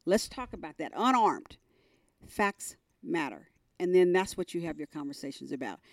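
A middle-aged woman speaks as a podcast guest, candid and emphatic, her voice surging upward when she relives a story. Her voice sits low for a woman. The sound is dry and close. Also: moderate pace, vocal fry, dry recording. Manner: emphatic, animated, voice climbs high when retelling. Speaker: sports team executive, podcast guest.

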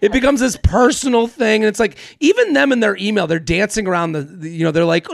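A man hosting a comedic advice podcast, ranting in an animated and profane way. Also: sits high, quick pace, gravelly, hardly any pauses, dry recording, studio quality. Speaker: podcast host.

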